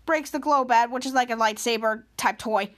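A woman's voice: on the high side, moderate pace. A woman podcast host casually retelling a TV episode, rambling with restarts.

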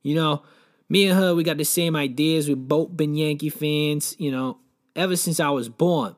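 A man's voice: on the high side, moderate pace. A young man rambling through a comic monologue, full of fillers and restarts, telling silly made-up stories with mock seriousness. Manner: meandering, filler-heavy, deadpan mock storytelling.

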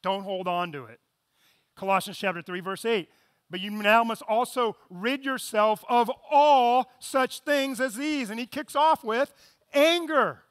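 A man preaching a sermon as pastor, swinging between loud emphasis and hushed, quick asides. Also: extremely high pitch, clean tone, no echo.

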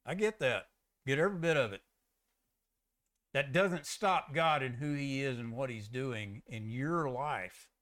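A man's voice: medium pitch, unhurried, a bit bright. A middle-aged former policeman talks about faith in a mid-range voice. His speech is candid and rambling, and he often restarts his sentences. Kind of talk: faith discussion.

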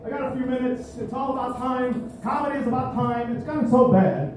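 A man rambles through a manic, self-mocking stand-up set on a club stage. His voice sits high. It was secretly recorded from far away, with heavy echo and music in the room. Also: brisk, background noise. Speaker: stand-up comedian.

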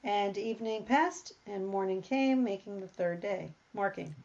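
A woman talking through a Bible passage in casual conversation, reading verses aloud and thinking out loud. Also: mid-range voice, unhurried, muffled recording. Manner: thinks aloud, reads scripture, animated when surprised. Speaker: Bible study co-host. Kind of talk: casual Bible study discussion.

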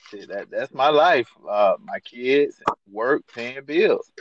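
A man's voice: medium pitch, animated, takes it slowly, noisy background. A man chatting casually on a podcast, laid-back and joking about himself, with a slightly dull lo-fi sound. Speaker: podcast co-host or guest.

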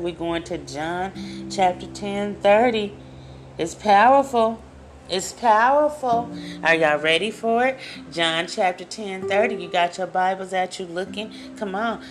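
A woman leading a Bible study, reading scripture aloud and preaching with fervor, repeating phrases and calling out to her listeners. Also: lowish voice. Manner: fervent, repeats phrases, addresses listeners directly.

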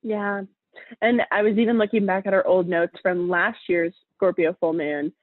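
A woman's voice: on the low side, steady tone, normal speed, dry recording. A woman co-hosting a casual astrology chat, talking loosely with many fillers. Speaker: podcast co-host. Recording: tinny phone-like line.

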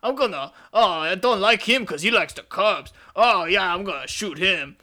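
A man putting on a goofy comic voice as a rambling, excitable young assassin. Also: normal speed. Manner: goofy, high-pitched exaggerated comic voice.

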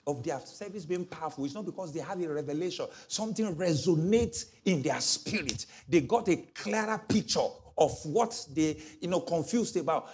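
A middle-aged man preaches a sermon, his pitch rising and falling widely. His voice sits a little high for a man, and he slips into playful voices for the people in his stories. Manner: animated, mimics voices in stories, laughs often. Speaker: pastor.

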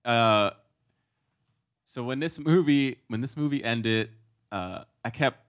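A man's voice: medium pitch, slow, a bit bright. A man co-hosting a podcast in an easygoing, casual chat. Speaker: podcast co-host.

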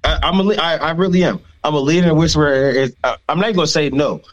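A man's voice: on the high side, racing, highs cut off. A man co-hosting a podcast in a loose, profane casual chat, laughing often as he talks.

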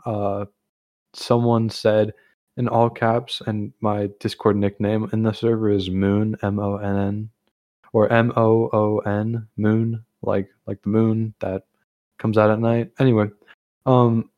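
A man's voice: fairly low pitch, little pitch movement, slow, a little mellow, muffled recording. A young man hosting a casual chat, rambling with lots of fillers and restarts. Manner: rambling, full of fillers and self-corrections. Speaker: host.

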